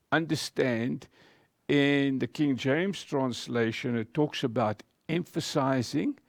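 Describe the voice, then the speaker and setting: A man preaching a sermon as pastor, speaking in a slow, emphatic way with deliberate pauses. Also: fairly high pitch, creaky, darkish tone, no echo, studio quality.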